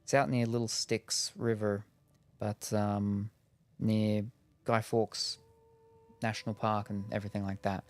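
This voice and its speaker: A man's voice: lowish voice, little pitch movement, a little slow, long pauses. Rambling Australian man streaming a game. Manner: rambling, lots of ums, jokey. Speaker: gaming streamer. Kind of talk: casual chat while gaming.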